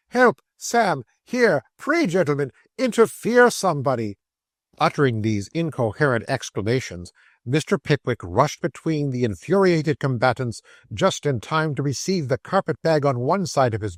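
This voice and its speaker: A man narrating a classic novel audiobook in a measured, expressive storytelling voice on a close mic. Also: mid-range voice, no room sound.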